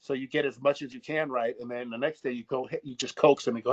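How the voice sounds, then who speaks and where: A recording engineer and producer, appearing as a guest on a casual video call, tells studio stories with animated energy, swearing freely and acting out quotes. His mid-range voice moves quickly with few pauses, and the audio sounds muffled.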